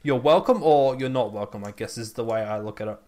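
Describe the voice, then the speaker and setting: A man's voice: mid-range voice, fairly quick, mellow. A young man hosting a casual podcast, joking around and hesitating with fillers. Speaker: podcast host. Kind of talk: casual chat.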